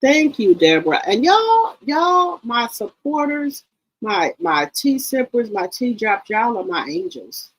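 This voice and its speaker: A woman's voice: fairly high pitch, big pitch swings, slow, poor audio. A woman hosting her own channel, talking to her viewers in an emotional, casual way and repeating herself often. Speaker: YouTube channel host. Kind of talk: casual heartfelt talk to viewers.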